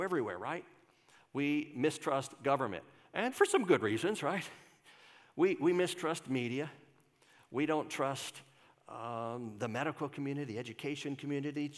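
An older pastor with a mid-range voice gives a conversational sermon in a church sanctuary, putting questions to the congregation. The sound carries like a large hall.

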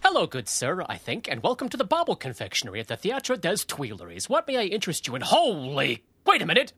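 A woman voicing a brusque, loud confectioner man who shouts his complaints, in an audio drama. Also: fairly low pitch, wildly swooping pitch, fast talker, background noise. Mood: grumbling. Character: gruff Parisian male confectioner, brash and loud.

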